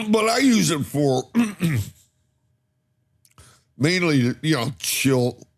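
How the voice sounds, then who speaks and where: A man's voice: a little high, big pitch swings, extremely slow. An older man, a guest in a casual chat, telling stories animatedly and laughing often. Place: cannabis company campus studio.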